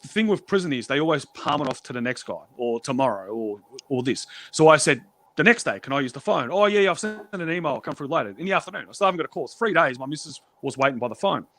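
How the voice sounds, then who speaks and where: A man's voice: on the high side, animated, fast talker, fairly bright tone. A man telling prison stories on a stream in a blunt, profane way, acting out the exchanges he quotes. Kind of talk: casual storytelling.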